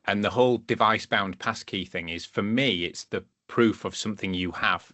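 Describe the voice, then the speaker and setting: Man, podcast co-host, very low voice, dry close sound, casual thinking aloud. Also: moderate pace, sharp tone, no echo. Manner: thinks aloud, weighing pros and cons. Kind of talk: casual tech discussion.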